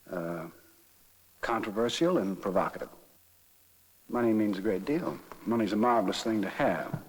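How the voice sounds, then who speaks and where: Husky, somewhat low voice with a slow, hesitant delivery full of "uh"s. He is a middle-aged actor interviewed on a film set. The sound is a reverberant 1960s archive recording. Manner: halting, measured, many filler pauses. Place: film studio.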